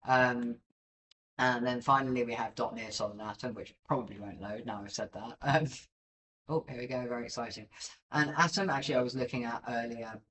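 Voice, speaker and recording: A man's voice: medium pitch, brisk, fairly bright tone, far from the mic, poor audio. A man giving casual live-stream market commentary over charts, rambling and self-deprecating with many filler ums. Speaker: livestream crypto chart analyst.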